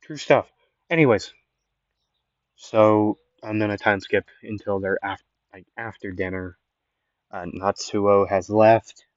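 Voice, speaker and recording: Slow, rambling low-voiced man telling a story. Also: dry recording, highs cut off. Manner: rambling, casual, many fillers. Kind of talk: improvised fan story narration.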